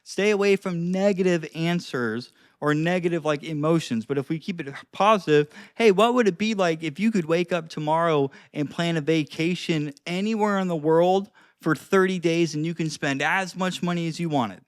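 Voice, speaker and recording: A man's voice: a little high, moderate pace, few pauses, clean tone, no echo, clean studio sound. A young man giving casual advice to his own camera, full of fillers like "dude" and acting out both sides of example chats. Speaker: dating and conversation coach.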